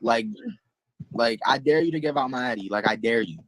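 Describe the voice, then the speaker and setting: A man's voice: medium pitch, lively intonation, fairly quick, no room sound, low-quality recording. A man arguing bluntly with his mother in a heated family dispute. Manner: confrontational, blunt. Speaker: adult son in a family dispute.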